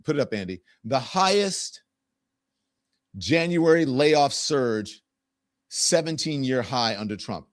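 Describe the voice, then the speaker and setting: A man's voice: medium pitch, very animated, unhurried, dry recording. Sarcastic male talk show host, dry sound. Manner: sarcastic, emphatic. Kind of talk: political commentary.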